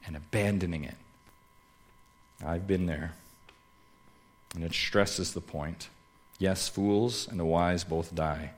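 Slow and pausing often, a male pastor delivers a sermon that swings from loud emphasis to quiet, low asides. He puts rhetorical questions directly to the congregation.

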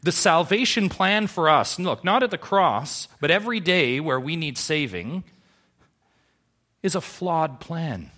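A man's voice: on the high side, lively intonation, unhurried, bright, forceful tone. A male pastor preaching a Sunday sermon in church, emphatic and full of rhetorical questions. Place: church service.

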